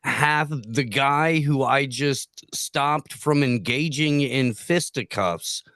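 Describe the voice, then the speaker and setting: A man hosting a podcast, talking slowly and deliberately as he sums up a guest's story in casual chat. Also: medium pitch, a bit bright, dry recording. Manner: slow and deliberate, summing up.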